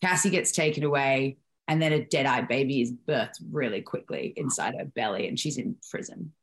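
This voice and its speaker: Young actress, low-pitched, chatty and expressive in an interview. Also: female voice, moderate pace. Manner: animated storyteller, acts out quotes. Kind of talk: casual interview chat.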